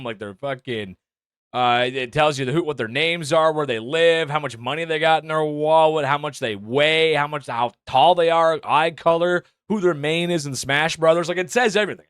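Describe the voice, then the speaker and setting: A man's voice: a little high, a bit bright, clean tone, no echo, studio quality. A man ranting casually about a movie he disliked, rambling with lots of filler, swearing and sarcasm. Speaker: movie reviewer. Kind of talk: casual movie review rant.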